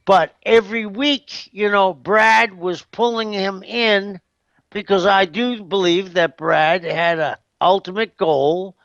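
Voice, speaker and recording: Slow gravelly-voiced man rambling. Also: high voice, fairly even intonation, fairly bright tone, no room sound, lo-fi sound. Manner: rambling, hesitant, full of "you know what I mean". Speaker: interview guest. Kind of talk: casual shoot interview.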